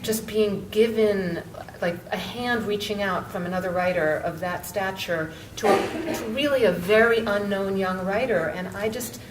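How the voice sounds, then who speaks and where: A middle-aged woman author telling a story on a panel, halting, with many restarts and fillers. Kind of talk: conversational storytelling. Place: book event room, indoors. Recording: echoey room, mic far off, faint rumble.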